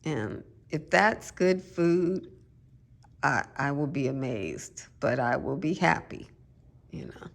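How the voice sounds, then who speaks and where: A woman's voice: a bass voice, big pitch swings, slow pace, gravelly. A woman gardening vlogger chatting casually and musing aloud, with self-deprecating asides. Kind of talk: casual chat.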